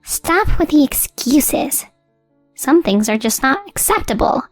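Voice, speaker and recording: A cold, scornful mother-in-law, put on by a woman narrator. Her voice rides high and she talks down to people in a bossy, dismissive way. The sound is dry and close, with soft music underneath. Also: sing-song, slow pace, no echo, full character voice.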